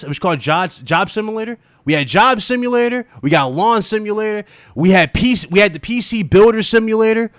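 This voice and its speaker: A male livestream host in casual chat, animated and profane, often breaking into laughter as he rants to his viewers. His voice sits a bit high for a man and sounds dry and close to the mic. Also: no room sound.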